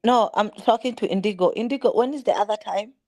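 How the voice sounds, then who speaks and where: A woman guest in a casual group chat who asks curious questions and speaks calmly when reflecting. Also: medium pitch, quick pace. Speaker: guest, online group moderator.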